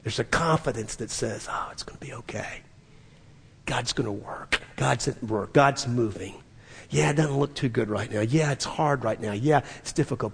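A male pastor preaching a sermon, earnest, dropping to soft whispers and rising to emphatic peaks. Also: mid-range voice, gravelly, slightly rough, long reverb tail.

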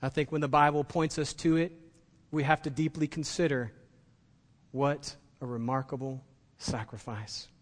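A man's voice: mid-range voice, steady tone, moderate pace, long reverb tail. A man preaching a sermon as pastor, impassioned and building to emphatic peaks.

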